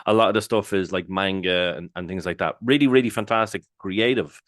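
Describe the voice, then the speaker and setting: Irish man, low voice, animated storyteller. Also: brisk, no room sound, clean studio sound. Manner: animated, swears freely, jumps into loud quoted exclamations. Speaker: podcast co-host. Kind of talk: casual storytelling chat.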